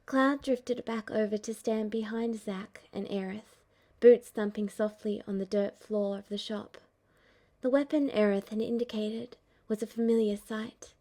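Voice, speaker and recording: A woman narrating a fan-fiction audiobook in a measured, even storytelling manner. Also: medium pitch. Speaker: audiobook reader.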